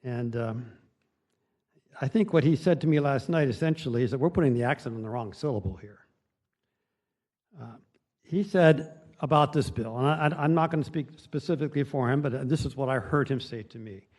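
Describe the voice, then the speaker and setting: A man on a city council giving a floor speech in a folksy, anecdotal way, halting often and restarting his sentences, into a desk microphone in a council chamber. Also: medium pitch, darkish tone.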